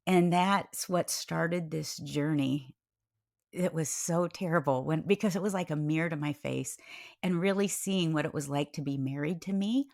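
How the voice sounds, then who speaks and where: A middle-aged woman guest on a podcast, telling a story in a lively, expressive way and acting out the quoted voices. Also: moderate pace, creaky, dry recording, clean studio sound. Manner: expressive, acts out quoted voices with big pitch jumps. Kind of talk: animated storytelling interview.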